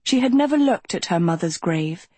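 A woman narrating an audiobook in a measured, unhurried storytelling manner with a breathy voice. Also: lowish voice, lively intonation, a little mellow, dry recording.

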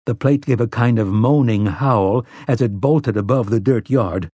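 A man narrating an audiobook in a measured, steady storytelling manner. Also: mid-range voice, breathy edge, no echo, clean studio sound. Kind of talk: scripted narration.

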